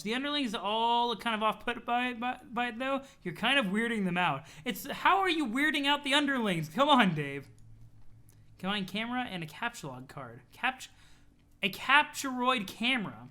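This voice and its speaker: A streamer casually chatting with viewers and reading a webcomic aloud, in an animated, chatty way with casual swearing. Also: medium pitch, moderate pace. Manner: thanks chat followers, talks to viewers.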